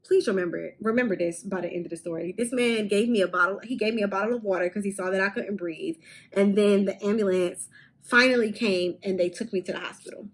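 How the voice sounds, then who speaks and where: A young woman talks straight to her camera, telling a storytime vlog in a candid, animated way. She swears casually and her voice sits at an ordinary middle pitch for a woman. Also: a little fast, low-quality recording. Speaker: vlogger.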